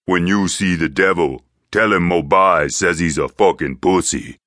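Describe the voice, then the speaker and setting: A man voicing a menacing, gleeful male villain in an audiobook, with a slow, mocking, taunting drawl. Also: sits low, a bit bright, no echo, studio quality. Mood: gloating menace.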